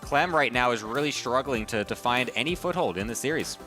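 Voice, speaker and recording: A man casting a live esports match, energetic and chatty, laughing often. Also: medium pitch, brisk, faint music behind. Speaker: esports caster. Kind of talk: live game commentary.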